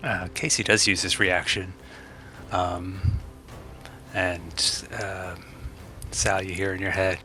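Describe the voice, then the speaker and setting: Deep, bright-toned man at the game table. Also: level tone, takes it slowly, pauses often, soft background music. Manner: hesitant, lots of ums. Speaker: player. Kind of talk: casual tabletop play.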